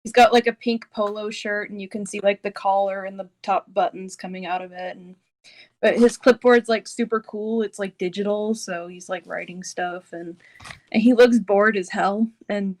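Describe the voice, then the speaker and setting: A woman's voice: medium pitch, steady tone, normal speed, a little mellow. A woman playing a tabletop game, describing things in a rambling way full of "like". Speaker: player. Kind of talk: casual tabletop play.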